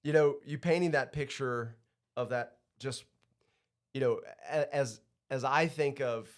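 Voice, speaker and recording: A man's voice: mid-range voice, unhurried. A man who runs a surf school, a podcast guest talking casually and reflectively, often restarting his sentences. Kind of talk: casual conversation.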